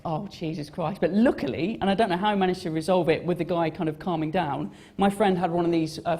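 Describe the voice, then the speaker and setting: A man's voice: high-pitched, darkish tone. A young man gives a casual talk about his design work on stage. He rambles and mocks himself, with many fillers and restarts. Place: on stage at a live event.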